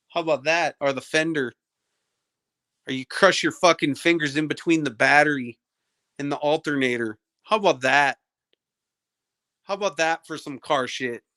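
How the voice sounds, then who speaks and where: A man's voice: high-pitched, bright, forceful tone, no echo, studio quality. A young man on a livestream, ranting at a viewer in his chat, profane, combative and taunting.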